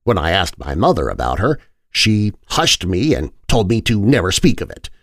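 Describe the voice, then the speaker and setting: A man's voice: low-pitched, big pitch swings, normal speed, dry recording, studio quality, exaggerated voice. A man voicing an older woman servant telling an old story. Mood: reminiscing.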